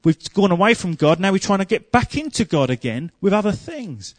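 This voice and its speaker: A man preaching a sermon, telling humorous stories and growing loud and emphatic. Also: sits high, big pitch swings, fairly quick, no room sound.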